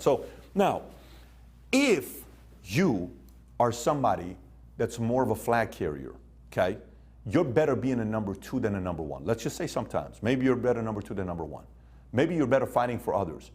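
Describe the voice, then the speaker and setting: Here a man gives a motivational talk at a moderate pace, his low-leaning voice sing-song, darkish, and husky. He punches through his stories and asks the room questions as he goes.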